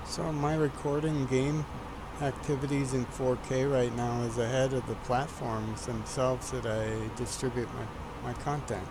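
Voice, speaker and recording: A man's voice: mid-range voice, flat delivery, unhurried, noisy background. A man streaming a flight simulator, chatting casually and teasingly with a voice assistant.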